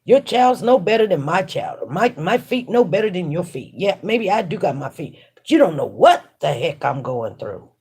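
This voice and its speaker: Her voice is on the low side, slightly rough and a little mellow, with a sing-song lilt; she keeps a moderate pace and barely pauses. Working on a casual livestream, she muses about faith in an emphatic, repetitive way.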